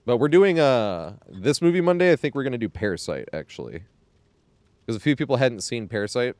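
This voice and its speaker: A man's voice: lowish voice, darkish tone, dry recording. Easygoing man in casual stream chat. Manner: rambling, filler-heavy, laughs often. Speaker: game streamer.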